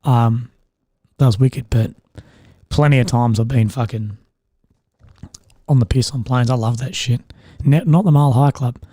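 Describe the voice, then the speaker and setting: A young Australian man hosts a live stream, telling rambling, laid-back stories full of swearing and fillers like "like" and "um." His medium-pitched voice is mellow, at a measured pace with frequent pauses, in a dry, clean studio recording.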